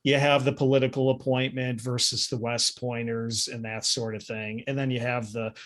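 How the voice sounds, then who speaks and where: A man with a mid-pitched, ordinary voice explains his view confidently and with emphasis. He talks in the easy, conversational way of a casual history podcast. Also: level tone, normal speed, fairly bright tone. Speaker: podcast panelist.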